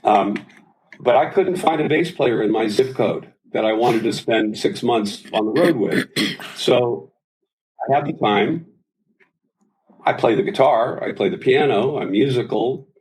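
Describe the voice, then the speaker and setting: An unhurried, mid-range male voice belongs to a singer in his sixties who is an interview guest. Chatting casually, he tells anecdotes with animation and acts out voices, though the recording quality is low.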